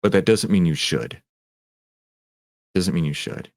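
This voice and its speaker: A man hosting a live trading Q&A stream, talking in an animated, rambling, self-mocking way. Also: deep voice, a little slow, no echo, studio quality. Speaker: trading coach and stream host.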